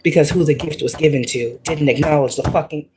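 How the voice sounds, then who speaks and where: Animated woman giving a spiritual pep talk. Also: sits low, fairly quick, slight background noise. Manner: animated, repetitive, laughs often. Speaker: spiritual livestream host.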